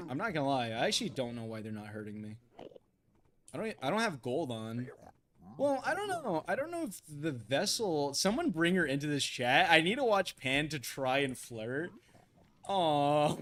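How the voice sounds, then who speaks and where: Chatting on a gaming live stream, a man with a rather high, slightly bright voice swings widely in pitch. He sounds flustered, stammering, tripping over words, and often breaking into laughter, with slight background noise.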